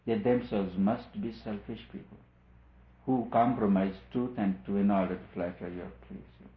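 A man's voice: lowish voice, steady tone, moderate pace. A man speaks as a spiritual teacher, earnest and insistent, repeating phrases to drive them home. The recording is tinny and narrow, as if over a phone line, and the room rings with echo. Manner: earnest, repeats phrases for emphasis, rising on key points. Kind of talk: spiritual discourse.

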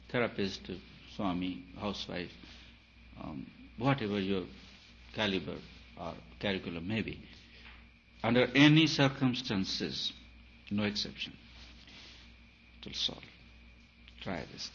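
Emphatic low-voiced man giving a spiritual talk. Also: expressive, normal speed, long pauses. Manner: emphatic, repeats phrases, rises and falls in loudness. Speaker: spiritual teacher. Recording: dull lo-fi recording with faint hiss.

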